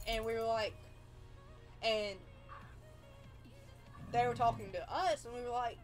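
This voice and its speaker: A woman's voice: on the high side, steady tone, a little slow, pauses often, faint music behind. A woman telling a personal story on a livestream, rambling with lots of fillers and restarts.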